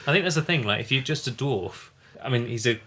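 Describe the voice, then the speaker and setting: A podcast co-host chatting casually about tabletop games. His voice is bright and sharp, and he is earnest and quick to laugh. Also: mid-range voice, animated. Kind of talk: casual chat.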